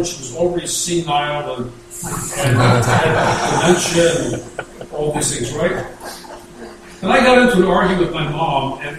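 A man from the United States preaching a sermon, with emphatic delivery and slow, deliberate scripture reading. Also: on the high side, a little hiss or hum. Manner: emphatic preaching, reads scripture slowly in King James wording. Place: church sanctuary. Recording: echoey church hall, voice from far off.

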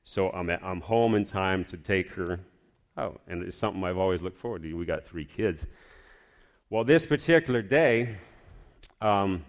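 A man's voice: low voice, moderate pace. Man rambling through a testimony. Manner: rambling, restarts often, animated retelling. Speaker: storyteller sharing a personal testimony. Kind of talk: casual spoken testimony.

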